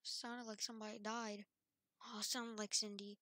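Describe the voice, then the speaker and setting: A woman acting out a casual game role-play, halting and hesitant, with many fillers and restarts. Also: mid-range voice, flat delivery, pushed and bright, no room sound, clean studio sound. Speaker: role-play channel host.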